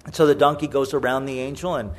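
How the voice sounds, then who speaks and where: A man's voice: mid-range voice, fairly even intonation, quick pace. A middle-aged man preaching a sermon, telling the story with humor and acting out the voices. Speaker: pastor.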